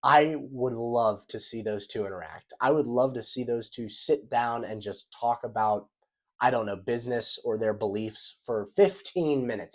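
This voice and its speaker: Young male vlogger, lowish voice, rambling, casual commentary. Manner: rambling, repeats himself, swears casually.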